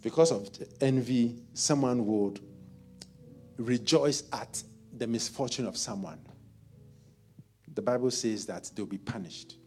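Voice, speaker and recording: A man preaching a midweek sermon, lively and conversational, often repeating words as he works out his thought. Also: medium pitch, measured pace, long pauses, faint music behind. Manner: animated, repeats words while thinking aloud. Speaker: pastor.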